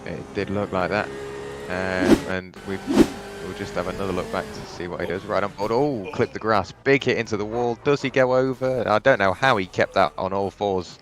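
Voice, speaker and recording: Young man, low-voiced race commentator. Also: fairly even intonation, normal speed, background noise. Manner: chatty, rambling with restarts and asides. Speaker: sim racing commentator.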